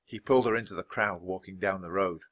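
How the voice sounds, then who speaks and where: A man reading a children's chapter book aloud at a natural pace for language learners, expressive and clear. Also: low-pitched, fast, muffled recording. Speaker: storybook reader.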